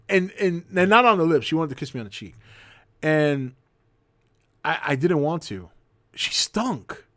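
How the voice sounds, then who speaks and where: A man in his forties hosting a livestream, telling an anecdote in a casual, profane, animated way. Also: on the high side, no room sound, clean studio sound. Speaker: host.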